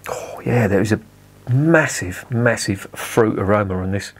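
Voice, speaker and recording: A man's voice: fairly low pitch, a little slow, slightly rough. A man chatting casually at home as he reviews a beer, often correcting himself. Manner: chatty, self-correcting, swears at the camera.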